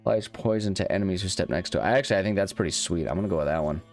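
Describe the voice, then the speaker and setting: A very low-voiced man talks casually through a video game, rambling and restarting as he thinks aloud. He is self-deprecating about his own choices, and faint guitar music plays underneath. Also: rapid-fire, a little mellow. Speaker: let's-play host. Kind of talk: casual gameplay commentary.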